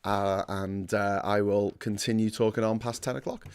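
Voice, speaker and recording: A man's voice: on the low side, fairly even intonation, moderate pace, clean tone. A man hosting a casual livestream, rambling and self-deprecating, full of fillers and restarts. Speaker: host.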